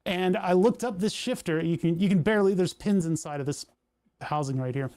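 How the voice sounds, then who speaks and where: A man's voice: high voice, fairly quick, darkish tone. A man from Pennsylvania livestreaming, chatting casually and rambling while reading his chat aloud. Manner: rambling, self-deprecating, reads chat aloud. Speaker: streamer.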